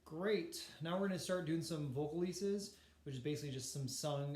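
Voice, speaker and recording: Man coaching vocal warm-ups, echoey room. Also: a little high, moderate pace. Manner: instructive, demonstrates breathing and humming. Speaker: voice teacher. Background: piano.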